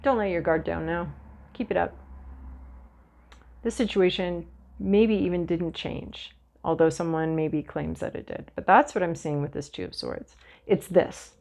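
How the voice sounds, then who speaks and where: A woman's voice: fairly low pitch, measured pace, gravelly. Chatty woman giving a tarot reading. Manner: chatty, animated, acts out little voices and asides. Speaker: tarot reader. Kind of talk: casual spoken tarot reading.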